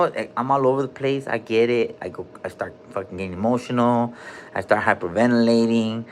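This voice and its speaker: A man's voice: medium pitch, slight background noise. A man rambling loosely on a live stream from a hospital room, cursing and dropping slang as he jumps between topics.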